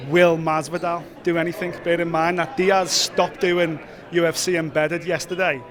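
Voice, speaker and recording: A man hosting a casual walk-and-talk vlog, chatty, excitable and free with swearing. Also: fairly high pitch, moderate pace, a crowd in the background. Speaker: host.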